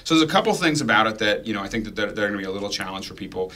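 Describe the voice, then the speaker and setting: Fast-talking bright-voiced man. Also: fairly low pitch, lively intonation. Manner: rambling, quick, full of restarts and fillers. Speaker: co-host. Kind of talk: casual tech chat.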